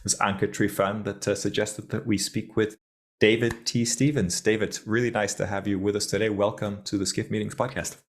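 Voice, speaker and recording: A male podcast host with a somewhat low voice. He interviews his guest in a friendly, chatty way, often stopping and restarting his sentences. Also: little pitch movement, moderate pace. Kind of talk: interview hosting.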